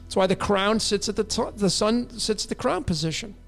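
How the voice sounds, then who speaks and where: A man's voice: sits high, fairly quick, creaky, faint music behind. A man hosting a numerology show who answers viewer questions in a blunt, emphatic monologue and speaks straight to his listeners.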